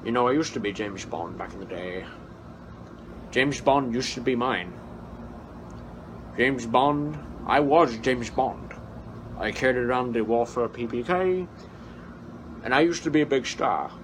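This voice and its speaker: A wistful aging Scottish film star, as a man puts him on, drawls slowly and slurs his words. A faint hiss sits behind him. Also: mid-range voice, close to an everyday voice.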